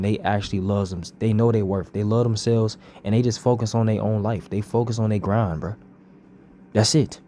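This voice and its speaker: Man, casual motivational vlog, earnest and repetitive, warm mellow tone. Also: fairly low pitch, fairly even intonation, moderate pace, a little hiss or hum. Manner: earnest, repetitive, peppered with "bro" and "you know what I'm saying". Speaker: vlogger.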